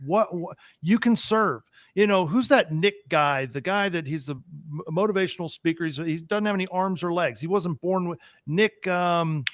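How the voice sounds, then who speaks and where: A man's voice: high-pitched, moderate pace, few pauses, no echo. A man hosting a talk show, ranting emphatically about politics and repeating his points as he gets worked up.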